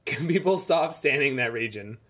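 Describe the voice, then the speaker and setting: A man's voice: mid-range voice, animated, brisk, a bit bright. Chatty man commenting on a game. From Canada. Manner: rambling, chatty asides between plays. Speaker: streamer. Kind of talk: casual gameplay commentary.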